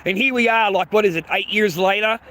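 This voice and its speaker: Profane, high-voiced man ranting to his stream. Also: a little fast, pushed and bright, a little hiss or hum. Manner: profane, blunt, repeats himself, addresses viewers as mate and bro. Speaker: livestream host. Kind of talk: casual livestream rant to chat.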